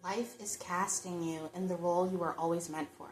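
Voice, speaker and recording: A woman with a lowish, steady voice gives a pick-a-card tarot reading at a moderate pace, chatting thoughtfully and addressing her audience directly. There's room echo and a little hiss or hum in the background.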